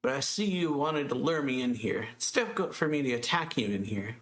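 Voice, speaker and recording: A man reading out the lines of a cold, vengeful teenage boy from a manga, in a flat, slightly raised voice. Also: a little fast, natural voice. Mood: calm, scheming. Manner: reads quoted dialogue flatly, slightly higher than his narration. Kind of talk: reading manga dialogue aloud.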